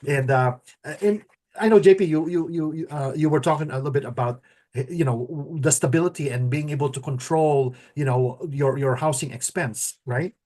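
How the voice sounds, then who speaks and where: A middle-aged man co-hosting a casual talk, excited and stammering often as he restarts his sentences. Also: mid-range voice, normal speed. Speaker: co-host.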